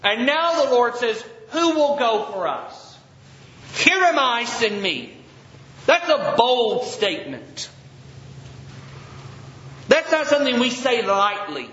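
A man preaching a sermon to his congregation, reading scripture aloud with emphatic, drawn-out phrases and putting direct questions to the listeners. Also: very high-pitched, big pitch swings, fairly bright tone, reverberant, lo-fi sound. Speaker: pastor. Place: church sanctuary.

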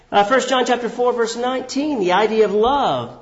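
Emphatic preacher man, roomy and dull. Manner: asks the congregation questions and answers them himself; swings between raised emphatic phrases and low drawn-out words. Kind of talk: sermon. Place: church hall. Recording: echoey, dull church hall recording.

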